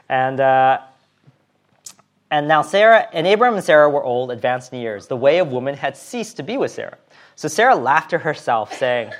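Male preacher, conversational sermon, acts out the quotes, mid pitch. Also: animated, fairly quick.

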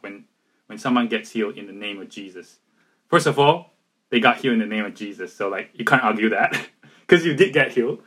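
A man talking earnestly and a little haltingly in a casual faith conversation, with frequent restarts and fillers. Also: medium pitch, a bit bright, husky, rough recording.

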